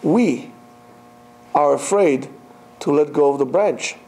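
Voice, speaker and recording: A man giving a Torah class, telling a story in an animated way and mixing Hebrew terms into his speech. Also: fairly high pitch, takes it slowly. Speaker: Torah teacher.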